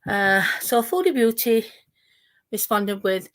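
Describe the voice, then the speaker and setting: A woman's voice: medium pitch, animated, slow pace. A woman hosting a reaction commentary video, mocking and taunting the people she talks about. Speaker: commentary channel host.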